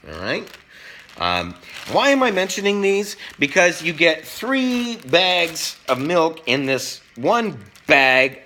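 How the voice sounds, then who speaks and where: A middle-aged man hosting a joking, casual cooking vlog, swinging between loud and soft. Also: medium pitch, slight background noise. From Canada. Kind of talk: casual talk to camera.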